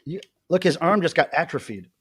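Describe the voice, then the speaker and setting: A man's voice: on the high side, expressive, fairly quick, background noise. A man hosting a live video chat, talking casually and animatedly, laughing often. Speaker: livestream host.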